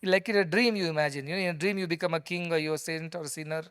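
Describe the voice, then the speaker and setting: High-voiced Indian English spiritual teacher. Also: male voice, fairly even intonation, rapid-fire, fairly bright tone, smooth. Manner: conversational, explanatory, emphatic. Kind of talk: spiritual discourse with storytelling. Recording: long hall reverb.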